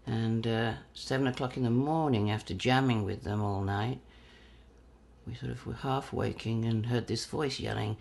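Gravelly-voiced English man telling a story. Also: mid-range voice, moderate pace. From England. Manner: animated, acts out quoted voices. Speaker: interviewee. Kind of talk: anecdotal storytelling.

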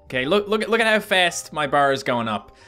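Young male gaming host, lively swooping delivery, bright voice, casual let's-play chat. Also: a little high, brisk, faint music behind. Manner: animated, yelps and laughs at sudden attacks. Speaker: gaming YouTuber.

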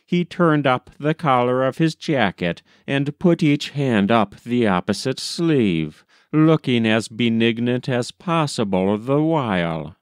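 A man narrating a story as an audiobook reader, measured and gentle. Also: mid-range voice, animated, dry recording, clean studio sound. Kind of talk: scripted narration.

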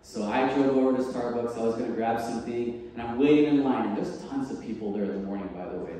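A man preaches to his congregation, acting out the people in his story and laughing often as he goes. His voice is mellow and sits at an ordinary pitch. He is heard from a distance in a big church sanctuary with long, booming reverb. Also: fast. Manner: animated, acts out dialogue, laughs often. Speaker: pastor. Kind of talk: sermon with personal story. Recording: distant mic in a large echoey hall.

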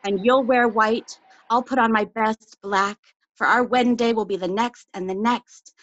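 A woman's voice: fairly high pitch, steady tone, normal speed, a bit bright. Woman reading poetry, muffled call. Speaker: poet.

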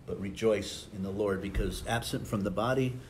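Casting: male pastor, lowish voice, earnest sermon delivery, faint hum of the room behind. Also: fairly even intonation, normal speed. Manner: preaching, acts out quotes with rising voice.

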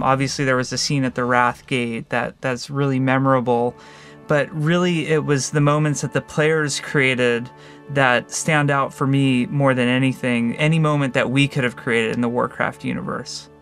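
Thoughtful game designer man, soft music under. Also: mid-range voice, fairly even intonation, moderate pace. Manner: thoughtful, with restarts and fillers. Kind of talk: reflective interview answer.

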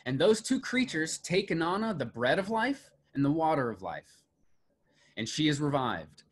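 A man's voice: fairly high pitch, big pitch swings, moderate pace, slightly rough. A middle-aged man giving a classroom lecture on myth and story, building emphasis on key lists. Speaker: mythology lecturer.

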